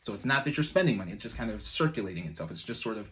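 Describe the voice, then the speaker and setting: A man's voice: on the low side, expressive, racing, fairly bright tone. A man speaking as a manifestation coach in a loose, conversational way, full of fillers and brief chuckles. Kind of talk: casual motivational talk to camera.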